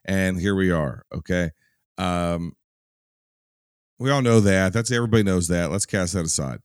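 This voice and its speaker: A man's voice: low-pitched, normal speed, no echo, studio quality. A man hosting a casual film podcast, chatty and wry, with the odd swear. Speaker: podcast host. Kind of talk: casual chat.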